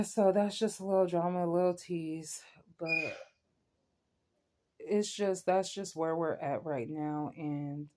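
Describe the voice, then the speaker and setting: Young adult woman, vlog venting; warm, low-set voice, emphatic and rambling delivery. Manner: emphatic, rambling, keeps asking "you know what I'm saying". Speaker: vlogger. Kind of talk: venting rant to camera.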